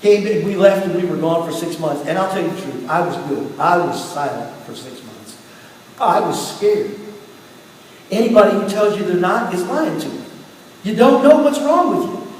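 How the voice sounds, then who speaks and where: Man preaching, high voice, storytelling, quiet then emphatic, big echoey church, heard from far off. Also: lively intonation, normal speed. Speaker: pastor. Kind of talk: sermon with personal testimony. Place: church sanctuary. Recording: echoey hall from far off, faint hiss.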